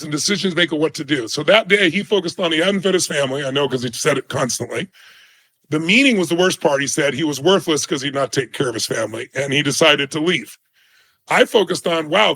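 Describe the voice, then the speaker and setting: A middle-aged man appearing as an interview guest tells a personal story with emphasis and drama, voicing quotes to act out the people involved. His voice is on the high side and a bit bright.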